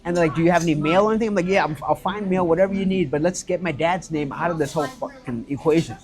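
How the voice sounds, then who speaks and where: Animated storytelling man, slightly high voice. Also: rapid-fire. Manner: animated, swearing, acts out quotes. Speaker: guest, restaurant owner. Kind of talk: casual storytelling chat.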